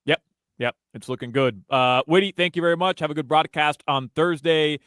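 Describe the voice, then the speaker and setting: A slightly high male voice hosting sports radio in relaxed chat. He leans on fillers and loose phrasing. The studio sound is dry and close. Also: moderate pace, smooth, no room sound. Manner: conversational, filler-heavy. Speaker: radio host.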